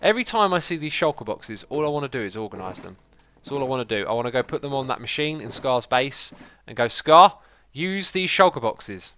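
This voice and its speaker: A man chatting casually as he streams a game, excitable and quick to laugh. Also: mid-range voice, no echo. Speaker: livestreaming gamer. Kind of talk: casual gameplay commentary.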